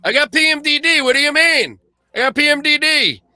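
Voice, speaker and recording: A man voicing a shrill, defiant woman who mockingly claims a condition as her excuse. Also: brisk, sharp tone, no room sound, full character voice. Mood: indignant.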